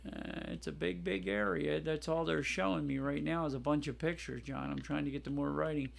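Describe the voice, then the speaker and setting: Excitable podcast co-host, slightly high-pitched man, rambling and loose. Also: fairly quick, vocal fry. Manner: excitable, laughs loudly, rambling. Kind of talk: casual chat.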